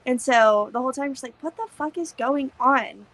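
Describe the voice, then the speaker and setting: A woman's voice: sits high, moderate pace, a bit bright, low-quality recording. A young woman co-hosting a podcast, chatting casually about a movie, swearing freely and acting out scenes. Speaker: podcast co-host.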